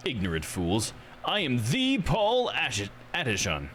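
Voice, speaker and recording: A man's voice: mid-range voice, wildly swooping pitch, unhurried, a bit bright, slight background noise, pitched above the performer's own voice. A man voicing a pompous, self-important male politician, grandiose and condescending. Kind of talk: reading game dialogue on a livestream.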